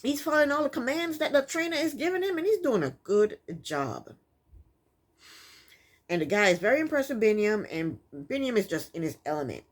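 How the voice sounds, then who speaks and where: A woman giving a casual reality TV recap with a sassy, exasperated edge. Her voice sits a little higher than most and swings widely as she talks. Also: sing-song, fairly quick. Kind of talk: casual commentary.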